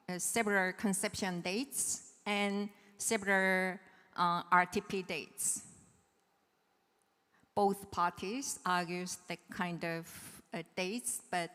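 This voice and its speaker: A woman's voice: lowish voice, fairly bright tone, smooth. A woman presenting a technical lecture at a seminar, explaining step by step and checking in with her listeners. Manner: patient, checks understanding with "right?". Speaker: seminar presenter on patent law. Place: seminar hall. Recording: reverberant lecture hall.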